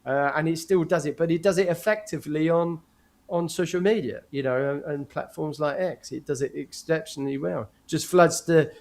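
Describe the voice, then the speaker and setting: A middle-aged man telling stories in casual chat as a guest, lively and acting out the people he quotes. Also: on the high side, moderate pace. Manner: animated, acts out quoted voices with laughs. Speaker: guest, former prisoner of war.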